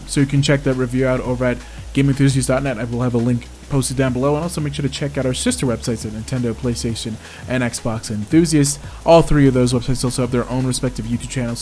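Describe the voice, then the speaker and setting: A man giving chatty gameplay commentary as a game reviewer, exclaiming often and laughing at his own mistakes. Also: mid-range voice. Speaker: game reviewer and channel host.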